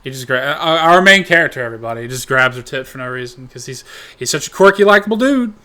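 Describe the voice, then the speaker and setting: A man's voice: medium pitch, quick pace. Rambling, profane male reaction host. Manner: rambling, animated, swears a lot. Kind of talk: profane comedic commentary.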